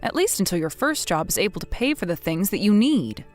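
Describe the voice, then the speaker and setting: A woman playing a blunt, widowed older mother who scolds her grown son in a measured, firm way, in a scripted text-message drama. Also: medium pitch, very animated, a little mellow, soft background music, natural voice. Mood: stern.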